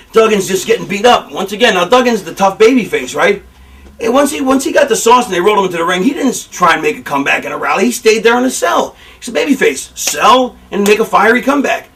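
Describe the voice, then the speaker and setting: A man's voice: high-pitched, fast talker, far from the mic. A man, a pro wrestler, telling candid stories in an interview, rambling and swearing freely. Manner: rambling, profane, animated storytelling.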